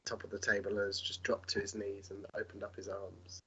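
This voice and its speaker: A man's voice: lowish voice, monotone, a little fast, bright, forceful tone, dull audio, a little hiss or hum. A man playing a tabletop game, describing his moves with wry, dry understatement. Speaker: player.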